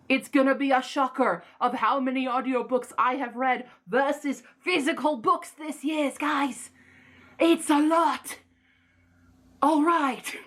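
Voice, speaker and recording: A woman book vlogger chats casually in a put-on snobbish accent, playful and self-mocking. Her pitch swoops up and down.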